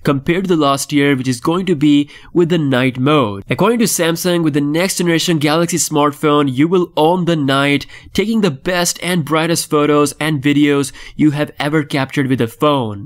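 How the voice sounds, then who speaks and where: A man hosting a tech news vlog, delivering scripted updates in an upbeat, enthusiastic way. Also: on the high side. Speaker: tech channel host.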